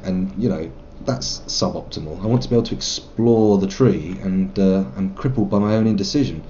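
A man's voice: low voice, brisk, mellow, highs cut off, slight background noise. A man streaming a game live, musing and rambling about his choices and reading dialogue options aloud with some self-mockery. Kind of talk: live let's play commentary.

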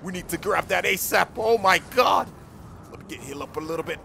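A man narrating his own gameplay as a melodramatic skit, pepping himself up and swinging between hushed worry and shouting. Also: on the high side, very fast, gravelly, a little hiss or hum. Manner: over-the-top dramatic self pep talk, swinging from hushed to shouting. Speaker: gaming YouTuber. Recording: roomy sound with music behind.

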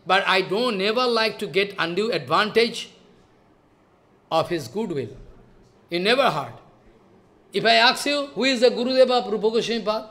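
A man's voice: high voice, animated, normal speed, long pauses, bright, forceful tone. A man giving a devotional lecture as a spiritual teacher, talking emphatically, scolding, and firing off rhetorical questions.

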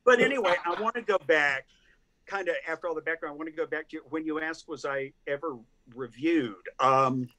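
An older Tennessee man with a Southern accent speaks a little fast in a somewhat high, sharp voice. He's a guest critic in a casual video-call interview, a chatty storyteller who restarts often and laughs a lot.

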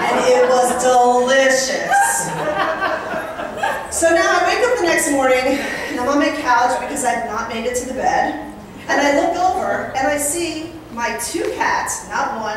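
High-voiced woman telling a comic story in an echoey hall. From New Jersey. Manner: animated, laughing, acts out other voices. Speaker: storyteller at a charity event. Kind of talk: live comic monologue. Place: banquet hall at a country club, live audience. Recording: echoey hall, mic from far off, noisy.

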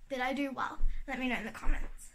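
A woman's voice: high voice, steady tone, fast talker, pushed and bright. A woman vlogging to a camera on a tripod in her bedroom, chatty, giggly and easily sidetracked. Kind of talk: casual chat to camera. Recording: roomy, a bit far from mic, faint noise.

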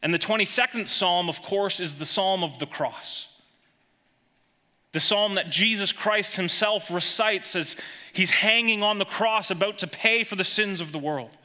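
A male pastor preaching a sermon with emphasis, dropping soft and slow when quoting verses. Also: high-pitched, big-room sound. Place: church sanctuary.

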